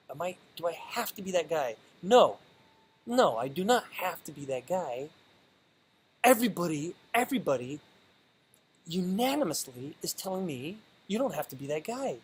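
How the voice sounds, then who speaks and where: A man's voice: high voice, big pitch swings, normal speed, slight background noise, poor audio. A man talking straight to camera in a motivational vlog, earnest and stumbling, often repeating and restarting his words. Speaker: vlogger. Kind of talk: motivational monologue.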